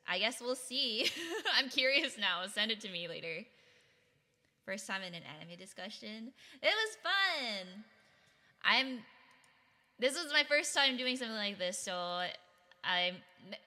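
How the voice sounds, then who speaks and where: A woman's voice: medium pitch, bright, forceful tone, in a large hall. A woman streamer chatting casually with her viewers, giggling often and reacting to chat.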